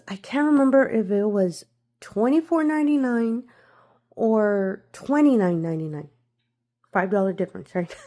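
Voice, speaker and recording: A woman's voice: mid-range voice, dark tone. A woman hosting a craft channel, talking casually through an unboxing while congested from a cold and giggling often between remarks.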